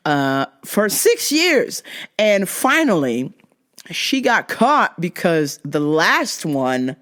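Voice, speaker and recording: A woman hosting a comedy podcast, swearing freely and laughing often as she tells stories. Her pitch jumps around a lot while she acts out both sides of each exchange. Her tone stays casual and animated. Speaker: podcast host.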